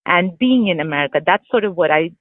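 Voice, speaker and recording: A woman's voice: lowish voice, animated, quick pace, dry recording. Indian english accent woman, candid rambly interview guest, phone line sound, dry. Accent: Indian English with British influence. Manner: candid, chatty, many fillers and restarts. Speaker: guest author. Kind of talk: casual interview chat.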